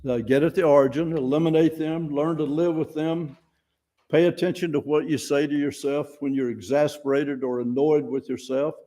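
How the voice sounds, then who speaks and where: A man's voice: medium pitch, warm tone. An older man giving an informal, folksy sermon at a fellowship service, self-deprecating and plain-spoken, often restarting his words. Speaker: lay speaker at a fellowship service.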